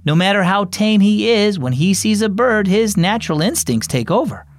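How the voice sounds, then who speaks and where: A man voicing a gentle, patient Christian mother in a children's storybook reading, calmly explaining things to her kids. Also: high-pitched, moderate pace, dry recording, studio quality, voice pushed up.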